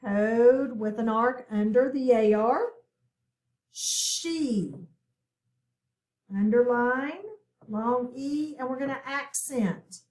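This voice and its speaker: A woman teacher giving a step-by-step phonics lesson to children, speaking slowly and clearly. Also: fairly high pitch, a little mellow. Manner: slow, clear, step-by-step instruction. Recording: echoey room, far from the mic, noisy.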